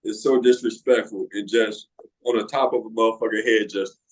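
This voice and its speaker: A man in his late forties, a podcast co-host telling stories in casual chat, profane and animated, often breaking into laughter. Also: fairly low pitch, moderate pace, rough recording. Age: 40s.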